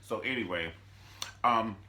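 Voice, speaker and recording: A man hosting a comedic TV recap, telling the story in an animated, sassy way. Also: fairly low pitch, unhurried. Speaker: YouTube show recap host.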